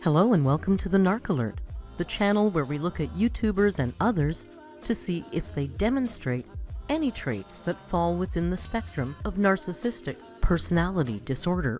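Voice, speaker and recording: A woman hosting a commentary channel, narrating a scripted, friendly and measured commentary. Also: on the low side, a little mellow.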